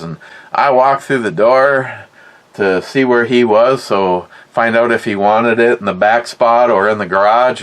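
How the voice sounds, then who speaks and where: A man's voice: fairly low pitch, fairly bright tone. A middle-aged man telling a rambling, profane story in a casual way, often repeating his words. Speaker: podcast host.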